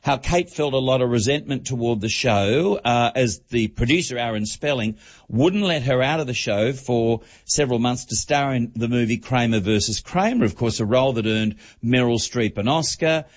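A man chatting on talk radio, rattling along with plenty of uh and um as he recaps a book. His voice sits at a middling pitch. The broadcast audio sounds slightly dull. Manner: quick, many fillers and restarts. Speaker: entertainment reporter. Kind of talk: radio chat, book review.

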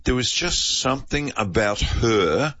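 A man hosting a talkback radio show, briskly cutting in to steer his callers. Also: medium pitch, lively intonation, sharp tone, dry recording. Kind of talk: radio host taking calls. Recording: dull lo-fi dry sound.

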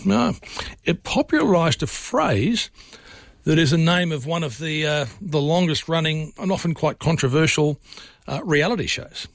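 Gravelly Australian radio host, rambling. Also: male voice, on the high side, no room sound. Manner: rambling, chatty, lots of uh fillers. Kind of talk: late-night radio talk. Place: radio studio. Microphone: studio microphone.

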